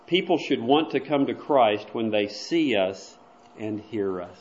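A man preaches to his congregation, telling a story with earnest conviction and slipping into hushed asides now and then. His voice sits at an ordinary middle pitch. The church recording sounds dull and roomy. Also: animated, unhurried. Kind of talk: sermon. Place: church sanctuary.

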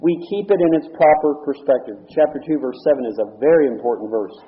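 A man's voice: a little high, expressive, quick pace, muffled recording. A man teaching an evening Bible study, reading verses aloud and explaining them one by one in an earnest manner, often restarting on repeated words.

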